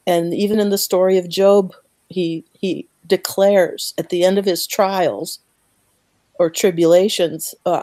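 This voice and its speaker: A woman speaking slowly and earnestly about her faith as a guest, emotional and close to tears, repeating words as she goes. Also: on the low side, fairly even intonation, dark tone, no room sound. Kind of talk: emotional faith talk on a podcast.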